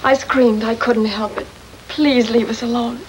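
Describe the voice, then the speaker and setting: A woman plays a frightened young ballerina wife in a 1940s film, trembling and breathless in a fairly high voice. A light hiss sits under the old soundtrack. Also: steady tone, measured pace, lightly acted, poor audio.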